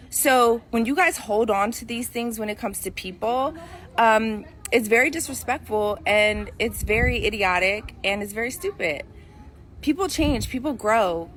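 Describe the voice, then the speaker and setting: Woman, 40s, defiant profane rant, slightly high voice, faint background noise. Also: fairly bright tone. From Philadelphia, USA. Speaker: guest speaking in a played clip. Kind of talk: heated direct-to-camera rant.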